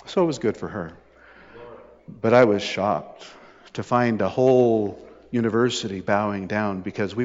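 A man's voice: fairly low pitch, fairly even intonation, normal speed, pauses often, darkish tone. A middle-aged man preaching a sermon, telling personal stories with wry, sarcastic asides. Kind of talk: sermon storytelling. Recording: dull sound with long hall reverb.

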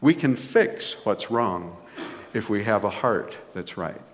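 A man's voice: on the low side, sing-song, slow pace. A man preaching a conversational sermon as pastor, rising to emphatic points. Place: church sanctuary. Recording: long reverb of a church hall.

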